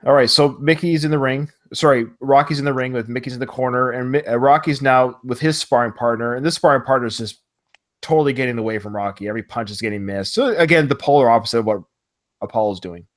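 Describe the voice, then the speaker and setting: A man's voice: mid-range voice, fast talker. A man co-hosting a podcast over a remote call, casually retelling film scenes and quoting the characters. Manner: animated, quotes movie lines in retelling. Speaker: podcast co-host.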